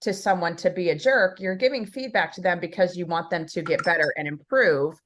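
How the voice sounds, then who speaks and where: A woman's voice: fairly low pitch, a little fast, a little hiss or hum. A woman co-hosting a podcast, talking conversationally with many fillers as a workplace consultant.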